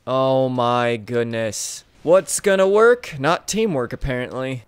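A young man giving casual gameplay commentary, swinging between mumbled asides and excited yelps. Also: mid-range voice, slow pace, few pauses, no echo. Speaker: gaming YouTuber.

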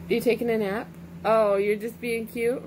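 A woman's voice: on the high side, little pitch movement, moderate pace, darkish tone, slight background noise. A young woman in casual chat with her toddler, coaxing and praising her in sing-song baby talk. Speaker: mother filming her toddler. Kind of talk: casual home vlog.

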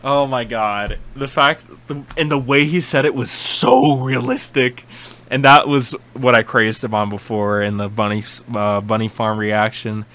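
Excitable young guy gushing and swearing through a reaction video, bright, crisp voice. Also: mid-range voice, measured pace. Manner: excitable, swearing, rambling with restarts. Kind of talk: casual reaction commentary.

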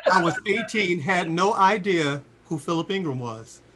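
A man in his sixties, a singer, telling lively stories in a casual interview and jumping into high voices for quotes. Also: takes it slowly, very noisy. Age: 60s. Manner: animated storyteller, jumps into high voices for quotes. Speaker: singer and guest.

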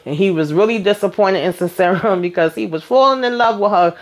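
Woman, recap host, sassy and animated storyteller, mid-pitched voice, quick exasperated asides. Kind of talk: casual episode recap.

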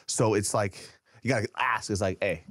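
A man's voice: fairly low pitch, normal speed, a bit bright, no room sound, studio quality. A man co-hosting a podcast who talks bluntly in casual, profane banter. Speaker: podcast co-host. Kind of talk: casual chat.

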